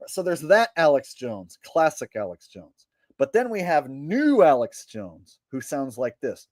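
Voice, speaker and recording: A man's voice: a little high, very animated, a little slow, a little mellow, no room sound, clean studio sound. A man, a comedian, doing live stream commentary in a boastful, profane, rambling way.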